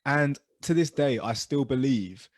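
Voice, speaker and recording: A man telling stories as co-host of a casual podcast chat, animated and dropping low and quiet for asides. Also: measured pace, dry recording, clean studio sound.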